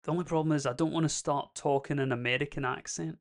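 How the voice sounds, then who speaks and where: Gravelly Scottish man, candid vlog. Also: on the high side, fairly even intonation, quick pace. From Scotland. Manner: candid, rambling and self-deprecating. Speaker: YouTube creator. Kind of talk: casual vlog monologue.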